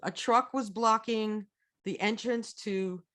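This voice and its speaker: A woman's voice: on the high side, takes it slowly. A woman co-hosting a casual chat, telling stories with lots of energy and restarts. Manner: animated storyteller, lots of restarts. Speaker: co-host.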